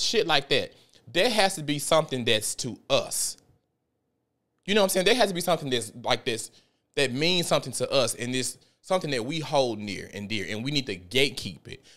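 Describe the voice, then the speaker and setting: A man's fairly high, slightly bright voice carries this podcast, where he rants casually on his own. His storytelling is heated, emphatic, and profane.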